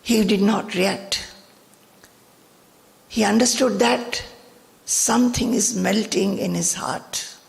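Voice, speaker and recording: Woman teacher telling a holy story real slow, gravelly voice, hall reverb. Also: mid-range voice. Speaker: spiritual teacher. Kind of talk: devotional storytelling.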